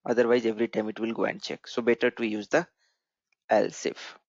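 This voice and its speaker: Talking fast in a mid-range voice with little pitch movement, a programming instructor explains code in a screen-share tutorial, repeatedly checking in with "right?". The dry recording comes through a dull lo-fi mic.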